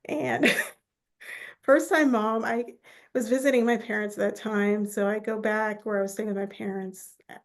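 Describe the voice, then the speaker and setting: A woman therapist speaking as a podcast guest, telling family stories in a lively conversational way and acting out relatives' words. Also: mid-range voice, normal speed. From United States. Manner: animated storyteller who acts out quoted relatives. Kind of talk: conversational interview storytelling.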